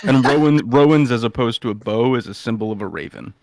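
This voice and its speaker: A man's voice: medium pitch, fast, a crowd in the background. A man narrating as game master, hesitant with many fillers.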